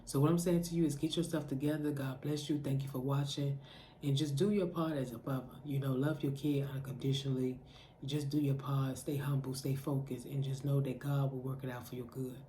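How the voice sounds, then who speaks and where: Woman preaching in a mellow voice. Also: a bass voice, steady tone, fairly quick, slight background noise. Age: adult mother. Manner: preaching directly to the listener, repetitive urging. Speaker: faith vlogger giving encouragement. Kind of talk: impassioned spoken exhortation.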